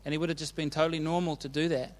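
A man's voice: on the high side, little pitch movement, very fast. A man preaching a casual sermon, retelling Bible stories in a chatty, informal way and often checking in with his listeners.

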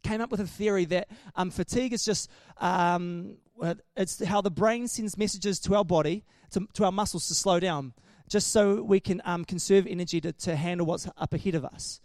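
A man's voice: high-pitched, normal speed, hardly any pauses, a little mellow, no echo, clean studio sound. A man preaching a casual sermon in a chatty, joking way, often restarting his sentences.

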